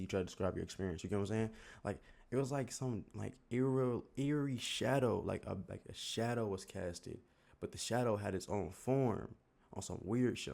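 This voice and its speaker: A man's voice: fairly low pitch, gravelly, darkish tone. A young man with a Southern US accent telling a story in a rambling, slangy way full of filler words. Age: young adult. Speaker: YouTuber. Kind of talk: casual storytelling.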